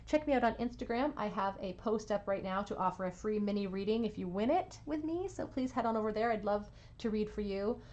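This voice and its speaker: A woman giving a pick-a-card tarot reading at home, soothing and reassuring, with soft laughs. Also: mid-range voice, animated, a little fast, hardly any pauses, lo-fi sound. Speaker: tarot reader.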